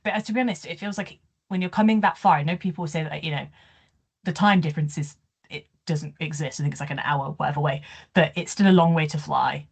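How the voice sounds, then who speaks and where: A woman's voice: low voice, fairly even intonation, fast, creaky, breathy edge. A woman co-hosting a sports podcast, chatting casually and thinking aloud as she weighs up each point. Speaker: podcast co-host.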